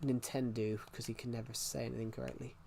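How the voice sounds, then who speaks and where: A man's voice: medium pitch, moderate pace, darkish tone, a little hiss or hum. A man streaming a game and chatting casually with his viewers, answering their questions. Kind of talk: casual livestream chat.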